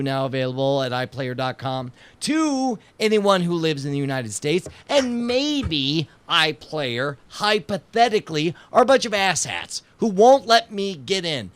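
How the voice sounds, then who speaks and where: A man with a fairly high voice riffs sarcastically with his co-hosts on a comedy podcast, spinning mock-hypothetical scenarios. The recording is dry and close to the mic. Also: a bit bright, clear, resonant tone, no room sound. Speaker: podcast co-host. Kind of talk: comedic banter.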